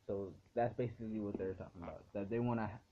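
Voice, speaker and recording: A man's voice: lowish voice, fast talker, very noisy. A man giving a casual, rambling recap of an anime episode as a reviewer. He leans hard on "like" as a filler and swears freely. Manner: rambling, heavy use of "like" fillers, frequent swearing. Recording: tinny phone-like audio.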